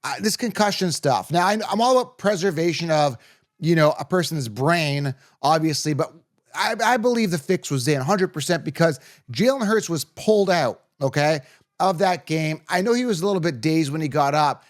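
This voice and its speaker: A man's voice: fairly high pitch, expressive, normal speed. A man hosting a fantasy football show, giving blunt, opinionated sports commentary to camera and often tagging lines with "okay?" or "right?".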